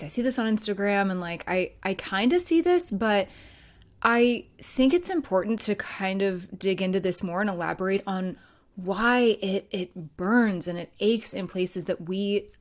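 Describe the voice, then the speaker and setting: A woman's voice: mid-range voice, normal speed. A woman hosting a podcast as a grief and life coach, talking in an earnest, conversational way with light laughs. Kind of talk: solo podcast talk.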